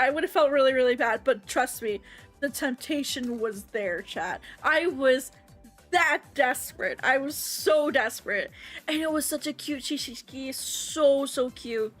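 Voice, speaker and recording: A woman streamer chatting casually to her livestream audience, animated and excitable, swearing freely and laughing often. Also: high voice. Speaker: VTuber streamer.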